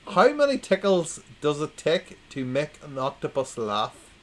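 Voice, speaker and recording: Slow, wry man reading dad jokes. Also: a little high, very animated, rough recording. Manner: wry, plays to a quiet chat, repeats punchlines. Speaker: livestream host. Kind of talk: casual livestream, reading jokes to chat.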